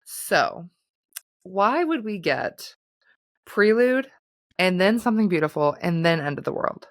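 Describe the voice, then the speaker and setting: A woman's voice: lowish voice, very animated, a little slow, dry recording. A woman in her late twenties co-hosting a podcast, chatting casually and laughing easily. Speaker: podcast co-host. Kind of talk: casual chat.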